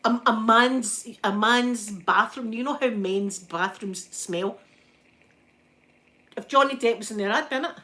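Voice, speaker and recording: A Scottish woman chatting in a soft ASMR style, telling stories with plenty of giggles. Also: a little high, measured pace. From Scotland. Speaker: vlogger. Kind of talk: ASMR chat.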